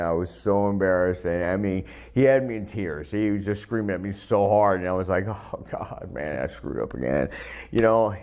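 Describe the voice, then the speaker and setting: A man with a somewhat low voice tells stories about his early days in a casual interview. He talks in an animated, self-deprecating way, laughing at his own mistakes. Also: clear, resonant tone. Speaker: pro wrestler.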